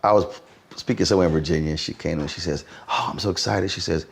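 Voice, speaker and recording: A man's voice: sits low, quick pace, creaky. A man hosting a conversational interview, telling stories and acting out what people said to him. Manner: animated storyteller, acts out quotes. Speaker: host.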